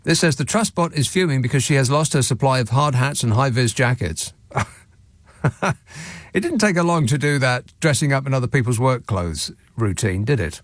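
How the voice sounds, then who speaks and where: A male radio phone-in host talking in a sardonic, mocking, quick-witted way. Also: medium pitch, animated, no room sound. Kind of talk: casual radio chat. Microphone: studio microphone.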